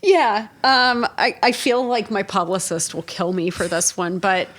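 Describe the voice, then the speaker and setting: A woman in her forties, an interview guest, telling a funny story in an animated, laughing way and swearing freely. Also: mid-range voice, measured pace.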